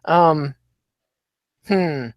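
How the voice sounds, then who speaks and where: Previewing fights on his casual podcast, this host brings a dry, sarcastic wit. He speaks very slowly in a slightly high voice, and there's no room sound.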